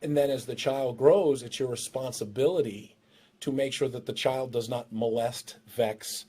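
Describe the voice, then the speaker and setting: A man's voice: steady tone, moderate pace, dark tone, breathy edge. A middle-aged man, a dog trainer hosting his show, giving casual, joking advice on dogs and a new baby. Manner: joking, breaks into shrill impressions of owners.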